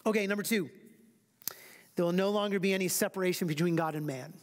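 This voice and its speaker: High-voiced pastor in a reverberant church. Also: male voice. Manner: reads scripture slowly and emphatically, then talks quickly and casually. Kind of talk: teaching a church Bible class.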